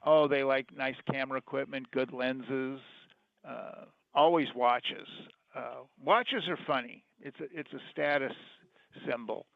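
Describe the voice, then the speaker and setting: Gravelly middle-aged male caller, plainspoken, lo-fi dull phone sound. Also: mid-range voice, steady tone, a little slow, dry recording. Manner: laid-back, plainspoken, trailing off. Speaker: pawn shop owner, guest caller. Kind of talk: casual phone interview.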